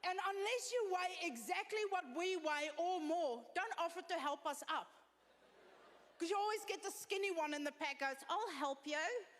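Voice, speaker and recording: A woman's voice: very high-pitched, normal speed. Brash South African woman doing stand-up. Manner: blunt, self-deprecating, brash delivery. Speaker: stand-up comedian. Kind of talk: stand-up comedy set. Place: comedy stage before an audience. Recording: live venue with long reverb and faint room noise.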